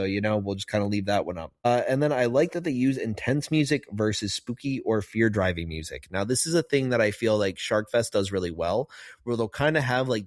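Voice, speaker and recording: A man's voice: fairly low pitch, dry recording, clean studio sound. Chatty man rambling on a podcast. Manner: chatty, rambling, many fillers. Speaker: podcast host, marine biologist. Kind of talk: casual podcast commentary.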